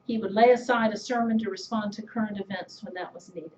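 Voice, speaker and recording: A middle-aged woman giving an anecdotal tribute speech, telling stories in a measured way with soft laughs. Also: mid-range voice, fairly even intonation, slight background noise. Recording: echoey, slightly dull room recording.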